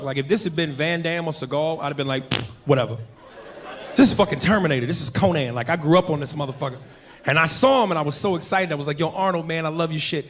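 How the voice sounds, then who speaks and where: Male stand-up comic, high voice, loud, animated, profane; echoey club room. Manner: loud, animated, bursts into shouted grunting noises; profane, punchy delivery with crowd address. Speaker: stand-up comedian. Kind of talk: stand-up comedy set. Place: comedy club stage. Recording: echoey club with audience ambience.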